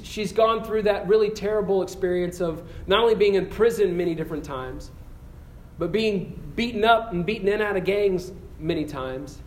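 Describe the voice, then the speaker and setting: Earnest man preaching in an echoey room. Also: high-pitched. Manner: earnest storytelling with restarts, slowing into quiet prayer. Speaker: campus pastor. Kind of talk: sermon ending in prayer. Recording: echoey room with faint ambience.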